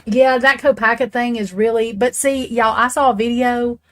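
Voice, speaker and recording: A woman's voice: on the high side, steady tone, normal speed. Rambling, profane woman. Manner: rambling, blunt and profane, talks straight to chat. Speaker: true crime channel host. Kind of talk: casual true crime commentary.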